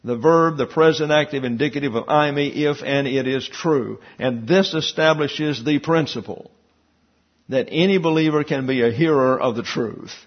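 Husky man preaching a sermon. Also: a little high, moderate pace, highs cut off. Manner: teaching with asides and rhetorical questions. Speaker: pastor.

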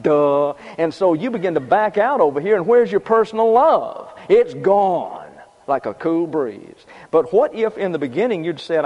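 A man's voice: fairly high pitch, very animated, normal speed. A man preaching a sermon in a conversational way, repeating his points and adding casual asides. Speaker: pastor. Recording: dull lo-fi sound with long reverb.

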